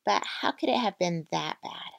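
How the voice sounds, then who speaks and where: A woman's voice: mid-range voice, expressive, normal speed, creaky, dry recording. Read aloud: a woman playing a sensitive young teacher asking questions, dry close sound. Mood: anxious.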